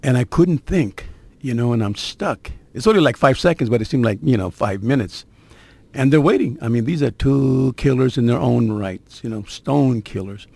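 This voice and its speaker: An older man tells his conversion story in a gravelly, husky voice, recorded dry and close. He keeps it conversational and streetwise and builds suspense with little asides to the listener. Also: medium pitch, normal speed, dark tone, no room sound. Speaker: guest sharing his conversion testimony. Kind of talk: personal testimony storytelling.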